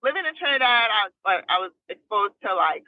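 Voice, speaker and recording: A woman's voice: medium pitch, big pitch swings, fairly quick, no echo. Chatty woman guest on a tinny phone line. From New Jersey. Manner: chatty, laughs often between stories. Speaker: guest, recording artist. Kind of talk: casual storytelling interview.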